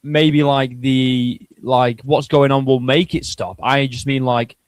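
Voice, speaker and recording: A man's voice: mid-range voice, flat delivery, slow pace, clean tone, no echo. A young man talks in an easy mid-range voice, recorded close and dry with no room around it. He chuckles as he goes and often trails off to restart his sentences while co-hosting a chat. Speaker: co-host. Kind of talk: casual chat.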